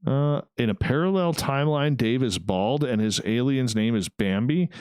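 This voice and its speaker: A man's voice: mid-range voice, expressive, moderate pace, hardly any pauses, darkish tone, clean tone, dry recording, clean studio sound. A man hosting a radio show, rambling and joking with swearing in a casual after-show chat while he edits.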